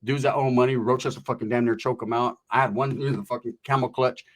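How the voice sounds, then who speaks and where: A man's voice: mid-range voice, fairly even intonation, quick pace. A middle-aged man from California telling a rambling, profane story in streetwise slang. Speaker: storyteller guest. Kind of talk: casual anecdote telling.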